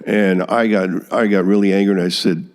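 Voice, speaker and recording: A man's voice: deep voice, fairly even intonation, brisk. Plain-spoken older man recalling war service. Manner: plain-spoken storytelling, acting out quoted officers. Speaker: Vietnam veteran interviewee. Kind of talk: interview recollection.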